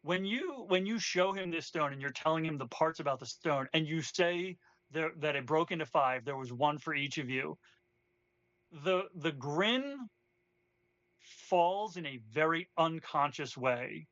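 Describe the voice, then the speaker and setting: A man's voice: fairly high pitch, measured pace, fairly bright tone, no echo, highs cut off. A man narrating as game master for a tabletop game, rambling and casual, swearing freely.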